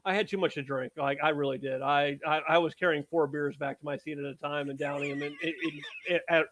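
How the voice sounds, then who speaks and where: A man hosting a casual podcast chat, chatty and quick to laugh. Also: on the high side, dry recording.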